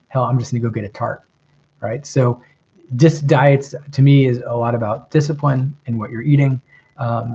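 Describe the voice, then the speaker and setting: Gravelly-voiced man with mild Southern accent. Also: medium pitch. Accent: metropolitan Southern American, mild. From American South. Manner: relaxed, reflective, many ums and rights. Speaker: host giving advice, reading viewer questions. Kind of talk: casual livestream chat. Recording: slightly dull lo-fi stream audio.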